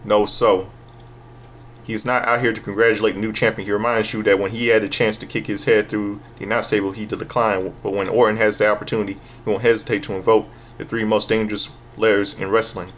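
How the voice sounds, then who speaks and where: A man with a lowish voice recaps a wrestling show in a loose, casual way. He is sarcastic and swears freely. He often stumbles over his words and restarts his sentences. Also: little pitch movement, fairly bright tone, slight background noise. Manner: profane, sarcastic, halting with restarts.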